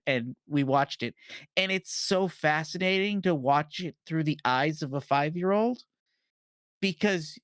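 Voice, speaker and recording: Animated parent telling a podcast anecdote, dry sound. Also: medium pitch, dry recording. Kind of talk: casual storytelling chat.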